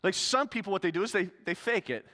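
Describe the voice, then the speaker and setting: A man's voice: sits high, quick pace, sharp tone, big-room sound. A male pastor giving a sermon in an earnest, conversational way.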